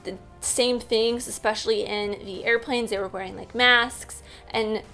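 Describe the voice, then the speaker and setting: A chatty young woman talks straight to camera about a film she didn't enjoy, her voice sitting a little high. She laughs easily, and soft music plays faintly behind her. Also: steady tone, a little slow. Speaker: movie reviewer. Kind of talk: casual movie review vlog.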